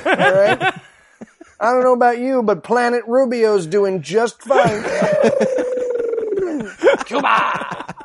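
A man ranting comedically about politics, loud and profane, slipping into mocking voices. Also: very high-pitched, very animated, very slow, long pauses. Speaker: podcast guest.

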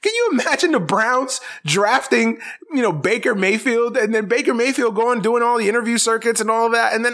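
A man's voice: very high voice, big pitch swings, fairly quick, bright, forceful tone. A man hosting a casual sports talk show, ranting in an exasperated, profane way and repeating his points. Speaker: sports podcast host.

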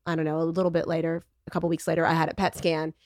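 A middle-aged woman as a podcast guest, telling her story in wry, animated casual conversation and acting out the voices of the people she quotes. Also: deep voice, rapid-fire, dry recording, studio quality.

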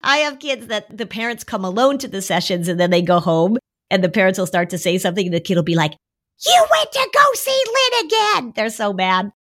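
This middle-aged therapist talks quickly and barely pauses as she guides parents through responding to a worried child on her podcast. Warm and coaching, she now and then mimics a whiny youngster in a high pitch, keeping the advice conversational.

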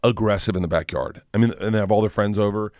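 A man in his forties chatting casually, telling animated stories and acting out the voices in them. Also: quick pace, dry recording, clean studio sound. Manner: animated storyteller, acts out quotes with rising pitch. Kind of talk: casual chat.

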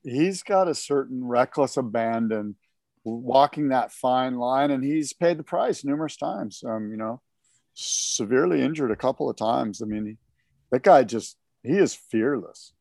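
A man co-hosting a podcast, chatting casually about surfing in an animated, rambling way with many fillers. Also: mid-range voice, measured pace, vocal fry, no room sound, clean studio sound. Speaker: podcast co-host. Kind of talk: casual surf talk chat.

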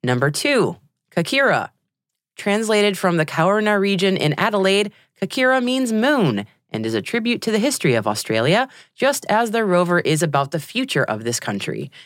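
A woman's voice: mid-range voice, sing-song, moderate pace, dry recording, clean studio sound. A woman hosting a news podcast, reading a script with a chatty, joking manner. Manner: chatty, jokey asides. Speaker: podcast host.

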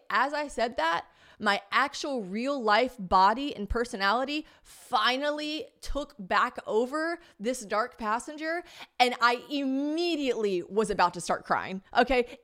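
A woman hosting a podcast, telling stories in a casual, animated and dramatic way. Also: a little high. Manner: animated, dramatic retelling with quoted voices. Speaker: podcast host.

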